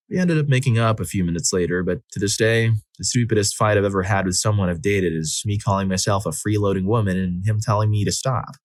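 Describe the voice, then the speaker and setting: A man with a lowish voice reads stories aloud, one after another, at an even, steady pace. The recording is close and dry, with no room sound around him. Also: no room sound. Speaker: story narrator. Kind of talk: scripted narration of reader stories.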